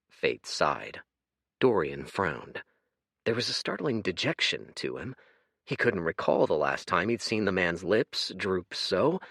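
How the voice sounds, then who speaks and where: Male audiobook reader, lively delivery, dry close-miked sound; for expressive narration. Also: sits low, unhurried, creaky, breathy edge, no echo. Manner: expressive, shifts voice for characters. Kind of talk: scripted narration.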